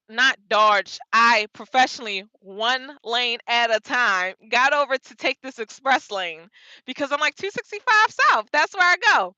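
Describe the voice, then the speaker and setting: High-pitched young woman vlogging, bright voice, animated and laughy, dry sound. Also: no room sound, highs cut off. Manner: animated, laughing, dramatic retelling. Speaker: vlogger, truck driver. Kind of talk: casual storytelling vlog.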